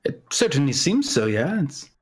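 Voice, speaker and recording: A man's voice: fairly high pitch, very animated, normal speed. A man voicing a boastful, charming adventurer in a tabletop role-playing game. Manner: boastful, bubbly.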